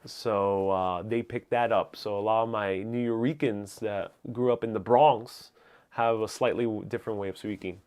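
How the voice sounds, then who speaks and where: A man's voice: on the low side, fairly even intonation, moderate pace, a little mellow, clean tone. A young man from the United States hosts a live-stream Q&A on a lapel mic, reading viewer comments aloud and answering them casually. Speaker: host. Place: out on city streets during a live stream. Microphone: wireless lapel mic.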